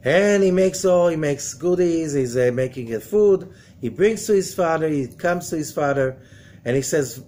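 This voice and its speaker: Animated man teaching scripture. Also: on the high side, moderate pace. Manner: dramatic retelling with rhetorical questions, frequent "okay?". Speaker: rabbi teaching a weekly study class.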